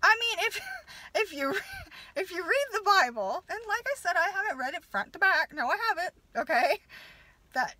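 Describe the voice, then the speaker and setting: This American nurse and mother in her thirties vents her anger on camera in an extremely high, forceful, bright voice with lively intonation. The audio is dry and rough. Her delivery is profane and halting, full of false starts.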